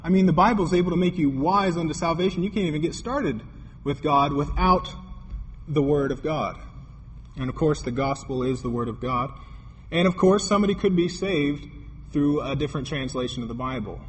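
A man's voice: on the high side, normal speed. A man preaching a sermon, telling a story with quoted dialogue and building to emphatic points. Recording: long hall reverb, faint noise.

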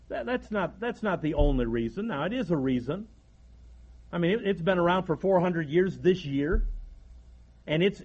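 High-voiced preacher, folksy. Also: male voice, a little mellow, slightly rough, muffled recording. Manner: folksy, repeats words and restarts sentences. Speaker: pastor. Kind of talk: sermon.

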